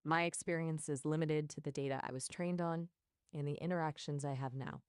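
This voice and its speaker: A calm AI assistant speaks in a woman's voice that sits a little low, recorded close and dry with no room sound. She is apologetic and explains things patiently, like a conversational chatbot. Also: brisk, clear, resonant tone, dry recording. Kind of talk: conversational AI chat.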